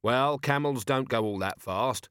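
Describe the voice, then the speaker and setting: A man voicing a brisk, weary watch commander who gives clipped orders. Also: medium pitch, a bit bright, smooth, dry recording, close to an everyday voice. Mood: urgent.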